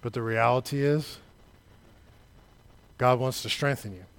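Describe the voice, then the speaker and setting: A man preaching a sermon, talking straight to the congregation, building to shouted peaks and then dropping low and quiet. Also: a little slow, vocal fry. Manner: conversational, addresses the congregation directly.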